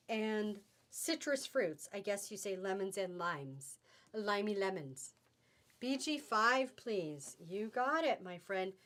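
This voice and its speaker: A middle-aged woman hosting a live fabric sale stream, chatty and gushing, laughing often as she reads out codes. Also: mid-range voice.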